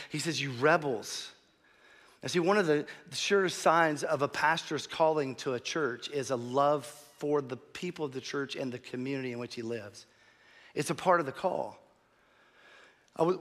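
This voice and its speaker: A man preaching a sermon as pastor, animated, swinging from quiet asides to loud emphasis. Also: medium pitch, big-room sound.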